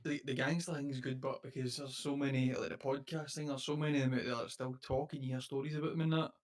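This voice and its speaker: A man's voice: medium pitch, flat delivery, fast talker. A man with a Scottish accent, co-hosting a podcast in casual, rambling chat with plenty of swearing. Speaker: podcast co-host.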